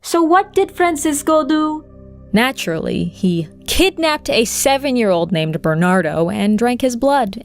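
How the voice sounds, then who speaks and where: A woman's voice: fairly low pitch, creaky. A woman host narrating folklore with dry, sarcastic asides in a casual storytelling style.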